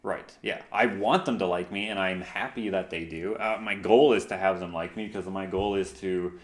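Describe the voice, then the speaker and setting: A man with a fairly low voice co-hosts a podcast, talking through his thoughts in long, easygoing run-on sentences. The recording carries a roomy echo. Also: fairly even intonation, normal speed. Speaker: co-host. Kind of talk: casual chat.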